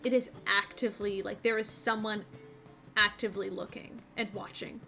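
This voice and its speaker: A woman's voice: medium pitch, steady tone, moderate pace, creaky, bright, forceful tone, soft background music. A woman narrating a tabletop game as game master, hesitant with many ums, building suspense in her descriptions.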